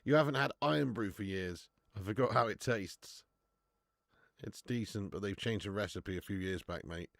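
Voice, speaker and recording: A young man hosting a live football watch-along, chatting casually, swearing freely and answering viewers' comments out loud. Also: fairly low pitch, moderate pace, vocal fry, no room sound, clean studio sound. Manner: excitable, swears, reads chat comments aloud. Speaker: live-stream host.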